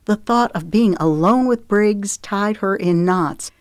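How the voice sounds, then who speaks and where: A woman narrating an audiobook in a steady, even storytelling voice. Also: medium pitch, slow, no room sound, clean studio sound.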